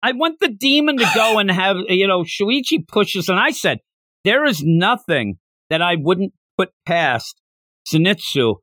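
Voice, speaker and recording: A man's voice: high-pitched, measured pace, no echo. Podcast guy recapping manga, voice jumps all over, acts out the lines, dry close mic. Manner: animated, acts out characters' lines while recapping. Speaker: podcast co-host. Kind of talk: casual manga discussion.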